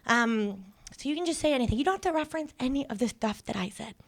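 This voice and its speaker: A young woman doing stand-up comedy, rambling quickly and self-deprecatingly, often laughing between lines. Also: sits high, expressive, gravelly. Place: comedy stage with live audience. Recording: loud audience laughter and noise.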